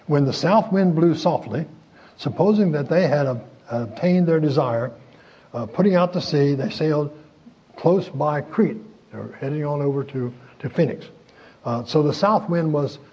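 A man preaching a sermon in a folksy, chuckling way, with many pauses and fillers. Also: a little high, expressive, a little mellow, muffled recording, slight background noise.

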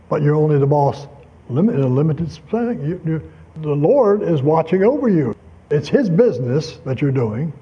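A man's voice: on the high side, husky, muffled recording. An older man teaching a Bible lesson in a folksy, conversational way, full of asides and personal anecdotes. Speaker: preacher.

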